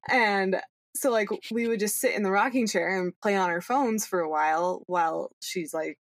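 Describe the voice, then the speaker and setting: A woman's voice: mid-range voice, normal speed, no echo. A woman in her thirties co-hosting a podcast, telling a story in casual chat and laughing often.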